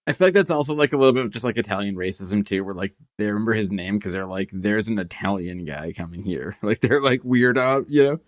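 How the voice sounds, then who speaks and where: A man's voice: lowish voice, lively intonation, fast, hardly any pauses. A man co-hosting a podcast, musing in casual chat with wry asides and acted reactions. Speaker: podcast co-host.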